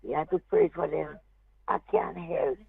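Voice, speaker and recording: A woman's voice: sits low, huge pitch swings, moderate pace, vocal fry. Woman caller on a tinny phone line. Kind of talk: phone-in chat.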